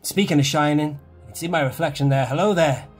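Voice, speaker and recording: A man's voice: on the high side, steady tone, fast, breathy edge, faint music behind. A man chatting casually as a toy collector vlogger, enthusiastic and rambling, correcting himself as he walks through his display room at home. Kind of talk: casual walkthrough chat.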